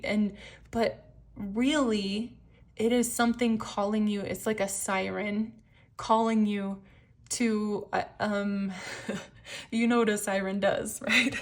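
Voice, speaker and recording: A woman giving a casual tarot card reading, animated and excitable, laughing often. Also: medium pitch.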